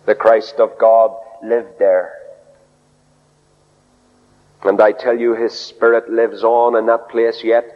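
A man preaching a sermon, telling stories earnestly and dropping low and soft for quoted words. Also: level tone, slow pace, long pauses. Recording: dull radio broadcast with long reverb.

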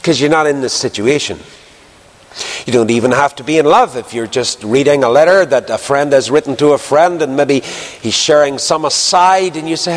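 A man's voice: medium pitch, moderate pace. A man with a Northern Irish accent preaching a sermon to a live audience, telling anecdotes and asking rhetorical questions. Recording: long hall reverb.

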